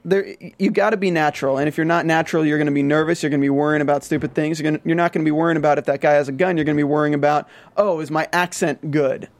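A Southern American man with a slightly high, fairly even voice races through a casual TV recap with hardly a pause. He rambles, restarting often and filling gaps with fillers.

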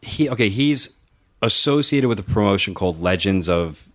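A man's voice: lowish voice, animated, normal speed, a bit bright. A man co-hosting a casual podcast, telling stories and acting out what others said, with frequent swearing. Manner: storytelling, acts out others' quotes, swears freely. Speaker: podcast co-host and wrestling promoter.

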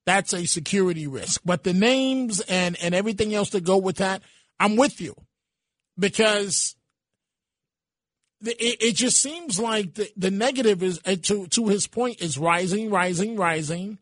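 A man's voice: sits high, unhurried, fairly bright tone, dry recording. A man hosting a talk radio show from the studio, talking in a rambling, hesitant way full of restarts.

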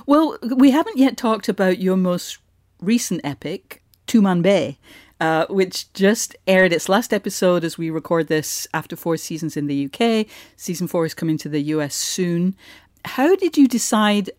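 A woman interviewer asks curious, conversational questions with a few fillers. Her voice is fairly low for a woman, and it is recorded dry and close. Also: lively intonation, moderate pace, a little mellow, dry recording. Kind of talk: podcast interview.

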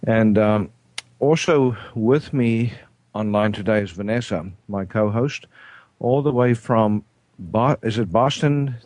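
Low-voiced South African man hosting. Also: darkish tone, no room sound. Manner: halting, frequent throat clearing and fillers. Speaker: host. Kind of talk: casual radio talk show. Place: studio.

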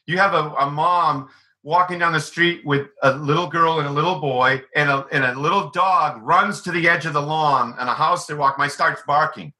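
Man, author guest, very sharp tense tone, slightly high, animated storytelling. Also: normal speed, poor audio. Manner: animated, acts out quoted voices. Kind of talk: conversational storytelling.

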